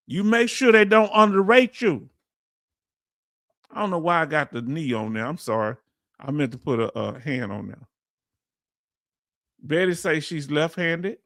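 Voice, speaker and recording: Reading out viewer comments, this Southern US livestream host explains things loosely and chattily in his Southern accent. His voice runs on the high side with a fairly bright tone, captured dry and at studio quality.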